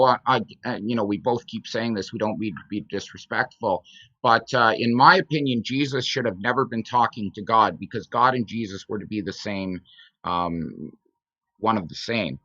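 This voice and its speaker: A man with a bright, forceful voice answers in a friendly debate. He talks hesitantly and apologetically, restarting often. The recording is dull, dry and lo-fi. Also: mid-range voice, normal speed, dry recording. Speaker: debate guest.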